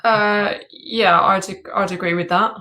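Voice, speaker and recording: A woman's voice: medium pitch, fairly even intonation, a little slow, pushed and bright, low-quality recording. A woman talking candidly as a guest on her husband's show, reflective and a little hesitant. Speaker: guest, host's wife. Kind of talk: casual conversation.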